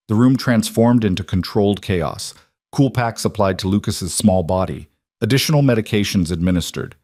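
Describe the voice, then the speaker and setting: A man reading a dramatic story as narrator in a measured, even way. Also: on the low side, no echo, studio quality.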